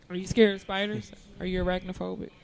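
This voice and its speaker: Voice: medium pitch, little pitch movement, a little fast, gravelly. A co-host in casual chat who mostly chimes in with short, wry remarks.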